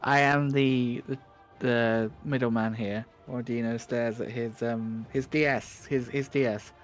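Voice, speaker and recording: A man's voice: mid-range voice, steady tone, a little slow, faint music behind. A man moderating a speedrun livestream, talking to viewers in a chatty, joking way with lots of restarts. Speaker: stream moderator co-hosting a speedrun stream. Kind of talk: casual stream chat, talking to viewers.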